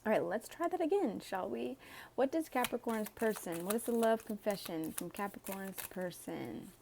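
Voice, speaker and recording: A woman's voice: mid-range voice, animated, moderate pace, creaky, a little mellow, slight background noise. A woman doing a casual tarot reading for viewers. She reads the cards aloud in a chatty way, with sighs and laughs along the way. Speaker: tarot reader.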